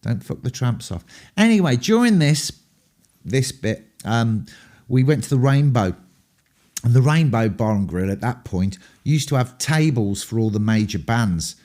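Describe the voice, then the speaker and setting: Warm-voiced English rock frontman, rambling. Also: mid-range voice, sing-song, a little slow. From England. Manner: rambling, profane, full of ums. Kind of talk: candid anecdotal storytelling.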